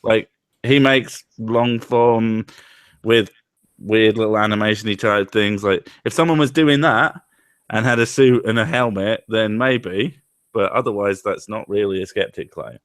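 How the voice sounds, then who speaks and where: A man's voice: lowish voice, measured pace, dry recording, clean studio sound. A British man in casual stream banter over voice chat, teasing and crude, laughing often. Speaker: stream guest. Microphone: online voice chat.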